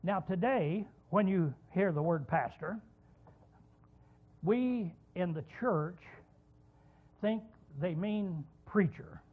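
A man's voice: high voice, expressive, slow pace, long pauses. A man teaching a Bible lesson as a sermon, explaining points step by step, asking questions and answering them himself. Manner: explanatory, rhetorical questions, repeats key words. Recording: tinny phone-like sound.

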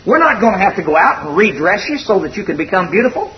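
A man's voice: sits high, sing-song, fast talker, hardly any pauses, slight background noise. A man preaching a sermon in a folksy, conversational and earnest way. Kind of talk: expository sermon. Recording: dull distant recording.

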